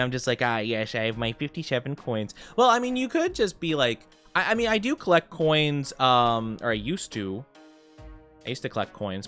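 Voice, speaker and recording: Smooth and mid-range, this man's voice carries a relaxed VTuber stream where he plays, chats with viewers, and reads messages from chat. He rambles, laughs a lot, and greets people with excitement.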